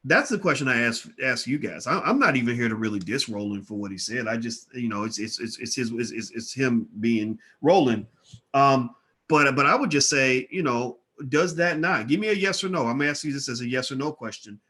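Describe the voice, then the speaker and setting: A man's voice: medium pitch, lively intonation, brisk, bright, forceful tone, slightly rough. A man giving casual commentary to his viewers, emphatic and insistent, repeatedly demanding yes-or-no answers, with frequent stammering restarts. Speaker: online commentator.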